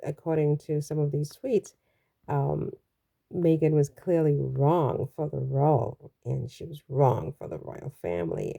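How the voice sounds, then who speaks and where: Low, gravelly-voiced woman from the Caribbean. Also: takes it slowly, mellow. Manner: chatty and rambling, with exclamations. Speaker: royal news vlogger. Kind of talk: casual commentary vlog.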